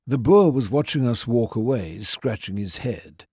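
A man narrating a story in the first person, with a measured, even delivery. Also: medium pitch, slightly rough, no echo, studio quality. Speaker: audiobook narrator.

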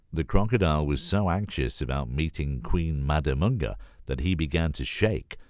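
A man reading a children's storybook aloud in a calm, measured way. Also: rumbling low, dry recording, clean studio sound. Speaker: narrator.

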